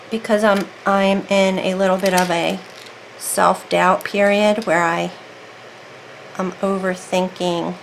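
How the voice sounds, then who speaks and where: A woman's voice: mid-range voice, creaky, rough recording. Woman, casual craft tutorial, rambling self-talk while working, faint background noise. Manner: chatty, self-talking while working, thinks aloud. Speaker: craft video creator.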